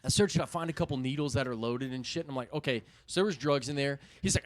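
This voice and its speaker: A young man telling a story as a podcast guest, swearing constantly and animated, often laughing at his own anecdote. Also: mid-range voice, very fast, hardly any pauses, no echo. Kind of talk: casual storytelling in a podcast interview.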